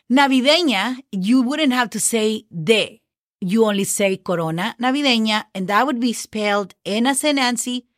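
A woman's voice: a little high, fairly bright tone, no room sound, clean studio sound. A woman from northern Mexico, a native Spanish speaker with a Mexican accent, teaching holiday vocabulary in a casual podcast lesson and spelling words out letter by letter. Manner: spells words letter by letter, frequent okays and fillers.

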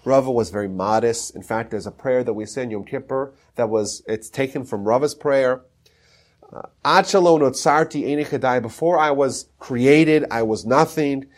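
Man, podcast lecture, rabbi teaching, emphatic, animated delivery, medium pitch. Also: normal speed. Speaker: rabbi teaching Talmud history.

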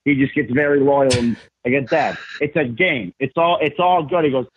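A man telling stories as a podcast guest, animated and emphatic, with slangy casual talk. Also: medium pitch, moderate pace, few pauses, husky. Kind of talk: casual storytelling. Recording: tinny phone-like remote line.

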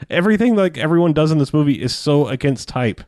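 A man's voice: on the high side, a little fast, mellow, dry recording, studio quality. A man in casual podcast chat, rambling about movies, often laughing and swearing as he acts out lines.

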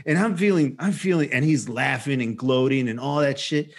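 A man in his forties casually chatting as a podcast co-host, telling an animated story with swearing and acted-out quotes. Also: mid-range voice, a little fast. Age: 40s. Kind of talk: casual chat.

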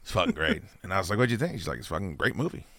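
Male podcast host, bright and lively, swears freely, dry close mic. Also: deep voice, racing, dry recording. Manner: animated, swears a lot, acts out quotes loudly. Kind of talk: casual profane chat.

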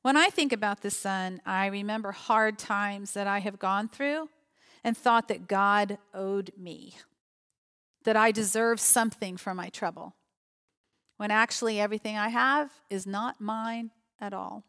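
A woman's voice: mid-range voice, unhurried, fairly bright tone, clean tone. A woman giving a sermon, reading a parable aloud and reflecting on it with questions to her listeners. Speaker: preacher.

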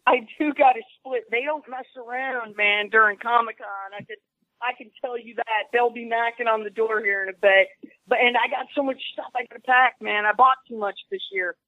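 A woman's voice: fairly high pitch, fairly even intonation, brisk, dry recording. A woman calling in as a guest, chatting casually and laid-back, saying "man" and "dude". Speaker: phone-in guest. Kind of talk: casual chat. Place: hotel room at a convention. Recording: tinny phone line.

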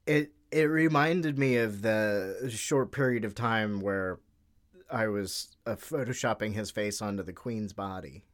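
A man's voice: fairly low pitch, unhurried. A man chatting on a podcast, rambling and joking, sometimes losing his thread. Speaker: podcast guest. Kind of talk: casual political chat.

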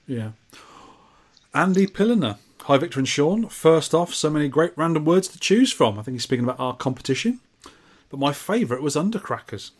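A man's voice: on the high side, a little fast. A man co-hosting a retro gaming podcast, reading out listener messages and trading dry, teasing remarks. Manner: dry, teasing, deadpan asides. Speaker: podcast co-host. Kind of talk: casual chat, reading listener mail.

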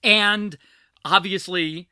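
Bright, animated trans woman podcast host. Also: mid-range voice, very slow, smooth, dry recording. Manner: animated, scatterbrained, self-mocking. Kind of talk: casual chat.

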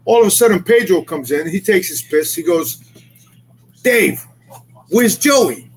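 A man co-hosting a casual podcast chat, telling stories loudly and profanely and acting out what other people said. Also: high-pitched, expressive, measured pace, husky, rough recording. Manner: boisterous, profane storyteller acting out dialogue. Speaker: podcast co-host.

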